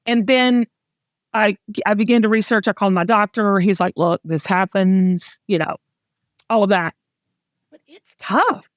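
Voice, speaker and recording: A woman's voice: medium pitch, moderate pace, pauses often, dry recording, muffled recording. A middle-aged Southern woman hosting a candid, casual talk, speaking with heartfelt emotion and frequent restarts. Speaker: host.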